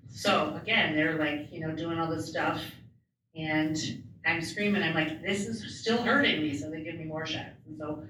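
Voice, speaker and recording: Bright woman's voice in an echoey room. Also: low-pitched, level tone, normal speed, slight background noise. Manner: conversational, plain retelling with restarts. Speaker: sign language interpreter voicing a storyteller. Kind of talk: first-person personal testimony, casual storytelling. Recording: very echoey room, distant mic, faint ambience.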